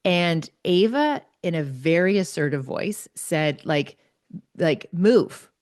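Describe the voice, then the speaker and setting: A woman host telling a personal story in an animated, chatty way, peppered with "like". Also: fairly low pitch, slow, no echo, clean studio sound. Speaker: podcast host, psychologist.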